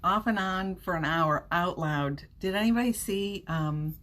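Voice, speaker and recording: A woman's voice: fairly low pitch, unhurried, a bit bright. A woman hosting a casual live stream, chatty, laughing often and reassuring her viewers, with a runny nose. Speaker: livestream host.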